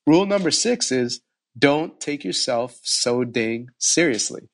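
A man voicing a calm, wry prime minister in a spoken anecdote, unhurried and matter-of-fact. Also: mid-range voice. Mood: dry.

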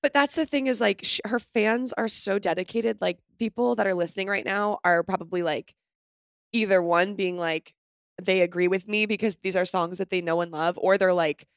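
A woman's voice: medium pitch, steady tone, moderate pace, no echo, studio quality. A young woman co-hosting a casual podcast, talking in a gushing, rambling way and filling her speech with "like.". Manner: gushing, rambling, heavy use of "like". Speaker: podcast co-host.

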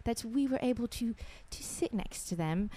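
A woman co-hosting a podcast who tells a travel story in lively casual chat, laughing and acting out the voices of people she quotes. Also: a little high, moderate pace. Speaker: podcast co-host.

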